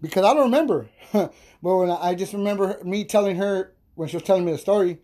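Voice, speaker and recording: A podcast host spins a rowdy tale in a loose, profane, laughing monologue. His voice sits high for a man. The tone is soft and mellow, never sharp. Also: quick pace. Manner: animated, profane, laughing storyteller. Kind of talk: casual storytelling monologue.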